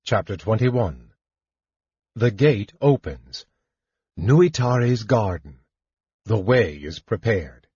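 Male audiobook narrator, slow, expressive, husky, dull dry recording. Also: fairly low pitch, no room sound. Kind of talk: scripted narration.

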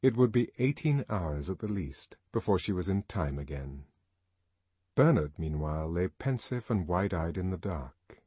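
Man reading an audiobook, low husky voice, lively up and down, dry close sound. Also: no room sound. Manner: measured, expressive reading. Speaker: audiobook narrator. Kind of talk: scripted narration.

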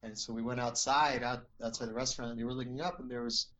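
A man's voice: mid-range voice, steady tone, quick pace, a bit bright, lo-fi sound. A man telling a personal story as an interview guest, earnest and rambling, with many restarts and "you know"s.

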